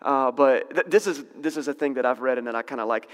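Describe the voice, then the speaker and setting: A man teaching a Bible passage in a relaxed, conversational way, correcting himself and laughing in asides. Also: mid-range voice, quick pace, few pauses, in a large hall.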